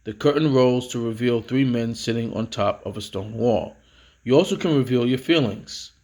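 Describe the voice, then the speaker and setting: A man teaching a vocabulary lesson, reading words and definitions aloud in a casual way, with fillers and self-corrections. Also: moderate pace. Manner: reads each headword louder and higher, then drops to explain.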